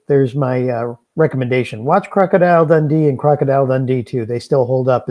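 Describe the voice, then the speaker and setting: Wry man with a mellow voice. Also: mid-range voice. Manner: wry, opinionated, joking asides. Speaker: podcast co-host. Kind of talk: casual chat, movie review.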